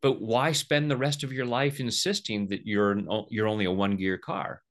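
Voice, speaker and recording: A man's voice: lowish voice, fairly even intonation, normal speed, a bit bright. A middle-aged man explaining and demonstrating tapping with a playful manner, often acting out the voices of the people he quotes. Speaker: EFT tapping practitioner, guest.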